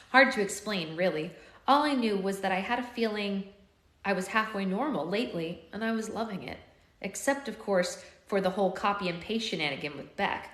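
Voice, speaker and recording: Woman book club host, casual read-aloud, live-stream chat, roomy echo. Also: medium pitch. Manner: chatty, casual asides while reading. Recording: echoey room.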